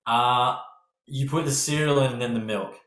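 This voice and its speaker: A man's voice: medium pitch, normal speed, a bit bright. An Australian man hosting a podcast, rambling casually, swearing freely and laughing often. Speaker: podcast host. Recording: roomy echo.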